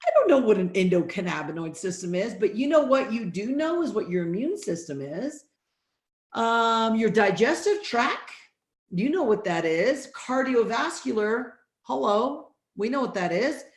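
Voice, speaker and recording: Middle-aged woman, a bit hoarse, high-ish voice, punchy preacher-like sales pitch, roomy echo. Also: big pitch swings, normal speed. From Texas. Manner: emphatic, repetitive, preacher-like. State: hoarse from allergies. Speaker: sales presenter. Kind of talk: motivational sales presentation.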